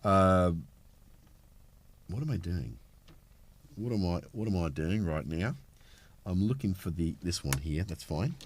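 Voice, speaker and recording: Bloke with a cold, rambly livestream chatter, lowish voice that bounces around a lot. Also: male voice, animated, measured pace, long pauses, slight background noise. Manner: rambling, self-mocking, talks while tinkering. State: has a cold. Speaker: livestream host. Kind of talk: casual live-stream chat.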